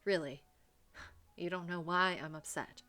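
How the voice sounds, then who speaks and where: A woman's voice: on the low side, fairly even intonation, unhurried, pushed and bright, voice pushed down. Woman playing a French young man, exasperated, scolds under his breath; French accent; game read-through.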